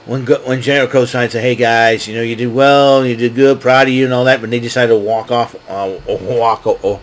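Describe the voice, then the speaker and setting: A man hosting a casual wrestling recap show, excitable and laughing often as he acts out what wrestlers said. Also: medium pitch, normal speed. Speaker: wrestling podcast host.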